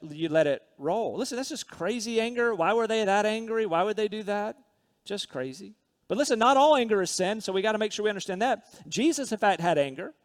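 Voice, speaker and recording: A man with a notably high voice preaches to his congregation, shifting between read scripture and easygoing personal asides. His voice rings through a large church hall with a long reverb tail. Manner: conversational preaching, reads scripture aloud, self-deprecating asides. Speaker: pastor. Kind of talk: sermon.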